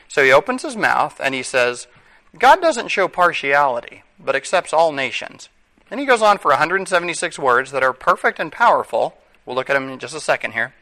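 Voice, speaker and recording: A man's voice: fairly high pitch, bright, forceful tone, poor audio. A man, likely a father of young children, preaching a conversational sermon with wry asides and self-corrections.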